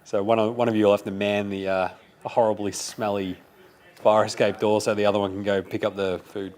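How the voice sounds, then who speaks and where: A man hosting a live sports watch-along, jokey and excitable. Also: on the low side, brisk. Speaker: sports show host.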